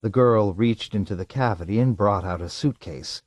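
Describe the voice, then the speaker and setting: Dry, measured male audiobook narrator. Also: fairly low pitch, dry recording. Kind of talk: scripted narration.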